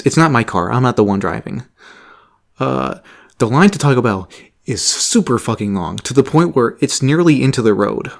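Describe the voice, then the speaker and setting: A young man casually telling a story about a job, animated, laughing often and swearing freely. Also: mid-range voice, gravelly. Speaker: vlogger.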